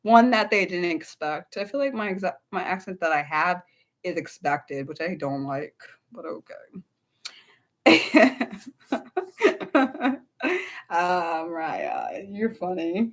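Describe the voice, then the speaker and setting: A woman's voice: on the low side, very animated, takes it slowly, long pauses. A young woman hosting an unscripted livestream, rambling and breaking off mid-sentence as she answers her chat. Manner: rambling, self-interrupting, answers chat aloud. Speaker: livestream host.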